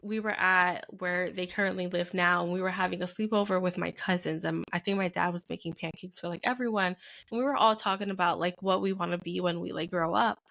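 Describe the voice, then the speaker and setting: A woman's voice: fairly low pitch, steady tone, a little fast, gravelly, fairly bright tone. A young adult woman, a podcast co-host and mother, talking candidly and from the heart in casual chat, with many "like" fillers. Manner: candid, heartfelt, heavy use of "like".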